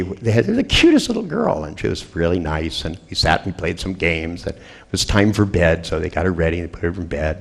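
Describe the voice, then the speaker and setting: A man's voice: low voice, vocal fry. A middle-aged man giving a humorous seminar talk to a group, telling jokey stories and acting out the voices of people in them. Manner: joking storyteller who acts out quoted voices. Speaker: seminar trainer.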